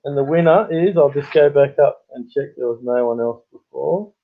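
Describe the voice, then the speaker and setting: A man with a broad Australian accent chats away to his live-stream viewers, full of joking, matey banter. His voice sits at an ordinary pitch for a man. It comes through thin and tinny, like a phone line. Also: moderate pace. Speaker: coin hunting channel host.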